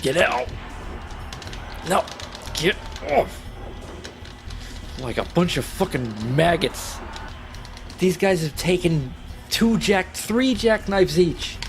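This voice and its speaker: A man streaming a wrestling video game, reacting loudly and swearing as he plays. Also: high voice, slow, pauses often, soft background music. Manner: excitable, swearing, trash-talking the game. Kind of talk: profane live gameplay commentary.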